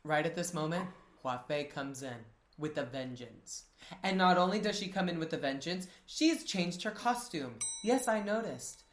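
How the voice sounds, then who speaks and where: A man co-hosting a podcast and recapping a TV drama in casual chat, an animated storyteller who acts out the characters and swears playfully. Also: a little high, moderate pace, echoey room, a little hiss or hum. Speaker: podcast co-host.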